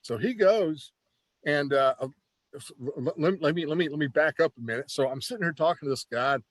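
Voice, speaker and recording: A man who is a former pro wrestler, telling stories in a casual, animated interview with lots of "you know" and restarts. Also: fairly high pitch, a little fast, no room sound.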